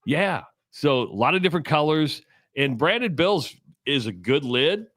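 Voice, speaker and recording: A man co-hosts a sports talk radio show with a somewhat high voice. His delivery is lively and full of pitch swings, and he often jokes at his own expense. The studio sound is dry and close. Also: a little slow, dry recording. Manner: joking and self-deprecating.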